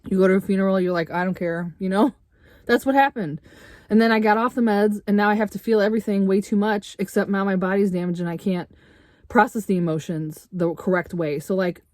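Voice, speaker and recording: A middle-aged woman vlogging a heated, swearing rant with sarcastic rhetorical questions, getting loud at times. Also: lowish voice, no room sound, studio quality. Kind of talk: angry personal rant to camera. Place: RV interior.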